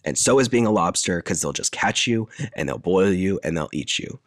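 A man's voice: low-pitched, lively intonation, moderate pace, no echo, studio quality. A man casually recapping a film plot, rambling and full of filler words.

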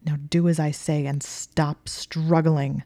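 A woman voicing a possessive, domineering young male wizard who speaks in a low, commanding growl. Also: little pitch movement, slow pace, dark tone, no echo.

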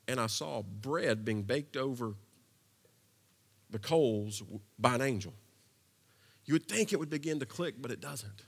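A man preaching a sermon in a conversational way, dropping to a hush and then building to impassioned passages. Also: medium pitch. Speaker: pastor.

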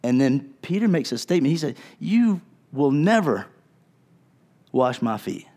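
A man preaching a sermon at a middle pitch, talking in a casual, chatty way. He acts out the people he quotes, then sinks low and quiet to press a point. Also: big pitch swings, a little slow. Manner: conversational, acts out quotes in voices; wide swings in loudness, drops low and soft for emphasis. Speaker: pastor.

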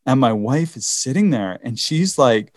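A man's voice: medium pitch, expressive, unhurried, darkish tone, dry recording, studio quality. A man from the Canadian Maritimes co-hosting a podcast in casual chat, often stopping and restarting his sentences. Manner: hesitant, many restarts and laughs. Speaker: podcast co-host.

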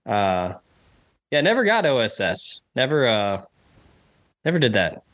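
A man's voice: medium pitch, unhurried. A young adult man, a podcast co-host, telling a school story in casual chat and acting out the people in it. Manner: animated storyteller acting out quotes.

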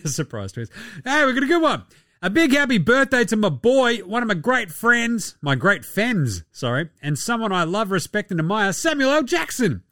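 A man's voice: sits high, sing-song, moderate pace, pushed and bright, no room sound, clean studio sound. Rowdy, swearing Australian man. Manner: profane, rowdy and mocking. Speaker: podcast host. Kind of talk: casual sports podcast commentary.

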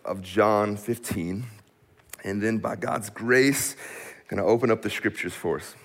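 A man with a somewhat low voice delivers a sermon to his congregation in a church room. He preaches with energy and a casual, friendly way of talking, dropping in "man" often. When he gets fired up, his words come quickly. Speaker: pastor.

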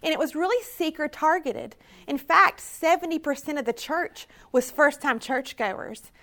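High-voiced woman sharing her testimony. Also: measured pace, bright, forceful tone. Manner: earnest storytelling with quoted prayers. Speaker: conference speaker. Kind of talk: personal testimony talk.

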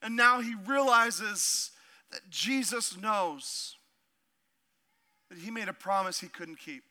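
Slowly, a man preaches, his voice notably high, bright and forceful. This pastor reads scripture aloud and then drifts into humorous, animated tangents.

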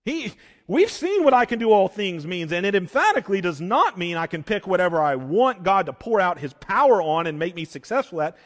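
High, lively preacher in a reverberant hall. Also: male voice, brisk. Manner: swings from loud emphatic peaks to hushed intensity. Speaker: pastor. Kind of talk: sermon.

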